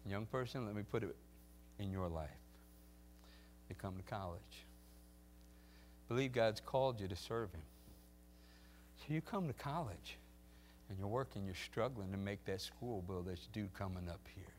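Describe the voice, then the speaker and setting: A man preaching a sermon, moving from quiet talk to loud shouting peaks and acting out quoted voices. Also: on the low side, normal speed, long pauses, slight background noise. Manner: acts out quoted voices and asks the crowd for replies.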